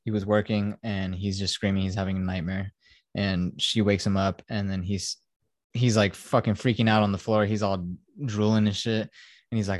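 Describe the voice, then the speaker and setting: A man's voice: on the low side, little pitch movement, normal speed, no room sound, clean studio sound. A young man hosting a casual podcast, animatedly retelling a film scene by scene with lots of swearing and acted-out quotes. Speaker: podcast host. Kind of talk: casual film-review chat.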